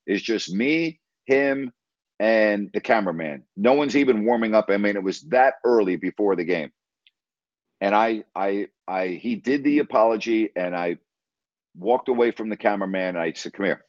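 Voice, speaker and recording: A man with a low voice tells a story in a casual interview, speaking emphatically and acting out conversations. The recording is dry and slightly dull. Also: normal speed, no room sound. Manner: emphatic, retells conversations with repeated "I said". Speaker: former team broadcaster.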